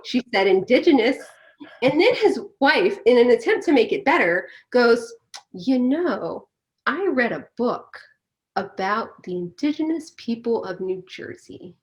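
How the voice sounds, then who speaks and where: Candid, animated woman interview guest. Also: a little high, a little slow. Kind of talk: casual conversational interview.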